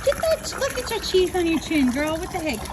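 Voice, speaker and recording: A young mother vlogs outdoors on a farm, her voice high and swooping as she coos at animals and a toddler. It's recorded on a handheld phone camera, with clear outdoor noise and ambience around her. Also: brisk. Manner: cooing, excited baby talk to animals and a toddler. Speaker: vlogger, mother. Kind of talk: casual vlog chat.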